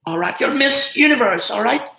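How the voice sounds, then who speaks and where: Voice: mid-range voice, animated, normal speed, creaky, bright, forceful tone. Chatty Filipino host in a roomy space. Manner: chatty, laughs often, switches between English and Tagalog. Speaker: livestream host. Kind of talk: casual live chat. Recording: roomy echo.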